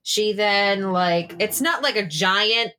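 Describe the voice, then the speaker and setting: A woman's voice: mid-range voice, takes it slowly, sharp tone. A woman playing a tabletop role-play game, describing her character's actions in a rambling, casual way with swearing. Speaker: player.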